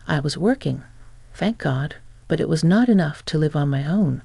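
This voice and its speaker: A woman reading a first-person family drama story in a steady, plain storytelling manner. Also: sits low, moderate pace, creaky, breathy edge, no echo. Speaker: narrator.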